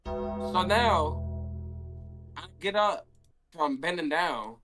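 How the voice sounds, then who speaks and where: Young man, handball player, casual storytelling, lively quoted dialogue, swears casually, slightly high voice. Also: drawn-out words, over music. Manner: animated storytelling, acts out his own quotes, casual swearing. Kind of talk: storytelling in a Q&A stream.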